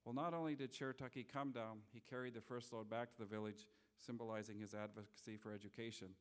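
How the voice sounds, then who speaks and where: A man's voice: mid-range voice, fairly even intonation. Earnest middle-aged man giving a talk. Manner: earnest, unhurried, with frequent restarts. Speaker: guest speaker. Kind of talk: public lecture with storytelling. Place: lecture hall.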